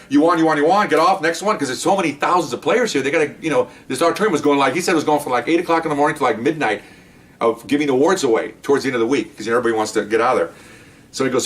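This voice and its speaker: A middle-aged man and former police detective telling stories from the job in a casual, animated way. He often acts out what people said and keeps checking in with "okay?". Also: medium pitch, rapid-fire, recorded from a distance. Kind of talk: casual storytelling podcast.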